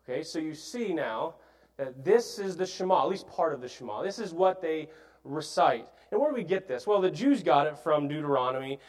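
A man preaching a sermon, explaining scripture earnestly with frequent pauses, fillers and restarts. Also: on the high side, expressive, poor audio.

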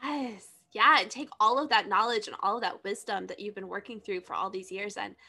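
A woman's voice: medium pitch, fairly quick, vocal fry, pushed and bright. A woman hosting a casual interview, talking in a gushing, effusive way with frequent "like". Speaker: podcast host.

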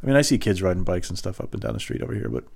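A man with a low, gravelly voice tells rambling comic stories from his past. His delivery is deadpan and loose, with a rough edge running through his speech. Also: rapid-fire. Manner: deadpan, rambling, acts out high squeaky voices for others. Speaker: comedian. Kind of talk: rambling storytelling monologue.

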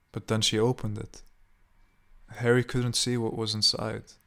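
A man reading a horror story aloud. His low, gravelly voice stays flat and measured throughout. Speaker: narrator.

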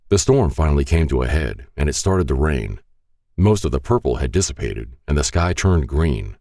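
A man's voice: a bass voice, very animated, moderate pace, gravelly, mellow, no room sound, studio quality. A man narrating a first-person story in an earnest, reflective way.

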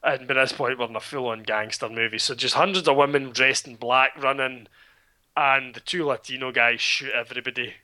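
Scottish male podcaster with a crisp, bright voice; wry, profane storyteller. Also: mid-range voice, brisk. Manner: sardonic, swearing, animated storytelling. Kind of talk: casual film recap chat.

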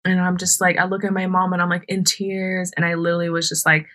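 A woman's voice: fairly low pitch, monotone, fast talker, sharp tone. A young woman hosting a podcast, telling a personal story casually, full of fillers, frequent laughs and free swearing. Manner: chatty, filler-heavy, swears freely, laughs often. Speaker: podcast host.

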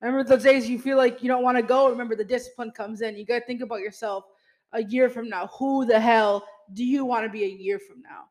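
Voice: mid-range voice, steady tone, fast talker, low-quality recording. Emphatic motivational podcast host. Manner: emphatic pep talk, frequent "you know" and mild swearing; speaks straight to listeners as "y'all".

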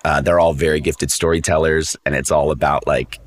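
A young man, an actor guest on a podcast, telling stories in a casual, animated way, full of fillers and acting out the people he quotes. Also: rumbling low, a little fast. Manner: animated storyteller, acts out quoted voices, many fillers.

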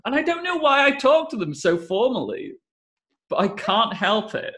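Young male co-host, casual banter, a touch high-pitched. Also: normal speed. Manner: lively, jokey storytelling with playful put-on voices. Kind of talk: casual chat.

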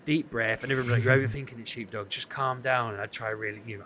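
Podcast guy telling a story, bright punchy voice, does all the quotes, bit of background hum. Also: medium pitch, quick pace, few pauses. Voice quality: animated, acts out quoted voices. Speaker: podcast co-host. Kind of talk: casual storytelling.

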